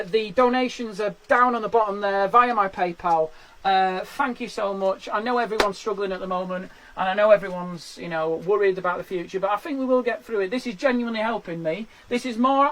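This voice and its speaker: A man's voice: sits high, fairly bright tone, rough recording. A man, a stand-up comedian, chatting and laughing through the end of his live-streamed show from a garden shed into a webcam. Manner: chatty, self-deprecating, laughs at his own lines.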